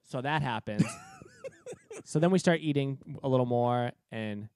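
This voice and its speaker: A young man from Cape Cod is co-hosting a podcast and telling a story in a loose, casual way. He swears often and laughs easily. His voice sits at an ordinary pitch and sounds close and dry. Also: moderate pace, clean tone, no room sound. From Cape Cod, Massachusetts. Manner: profane, animated, laughs a lot. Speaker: podcast co-host.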